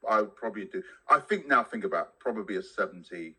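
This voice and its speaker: A man's voice: on the low side, lively intonation, bright, forceful tone, breathy edge, low-quality recording. A man on a podcast chatting casually and jokily, often stopping and restarting his sentences. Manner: halting, restarts often, jokey. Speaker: podcast co-host.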